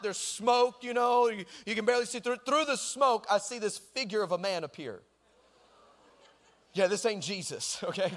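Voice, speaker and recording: A man's voice: sits high, in a large hall. A man with a Texan accent preaching a sermon, telling a comic story and often asking the congregation if they are with him. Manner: animated, shouting at punchlines, conversational asides to the congregation. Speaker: pastor.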